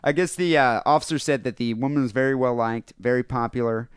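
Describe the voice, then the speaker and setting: Rambling, laughing podcast host, dry mic. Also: male voice, mid-range voice, brisk, smooth, dry recording. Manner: laughing, rambling with many fillers. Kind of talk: casual comedic podcast chat.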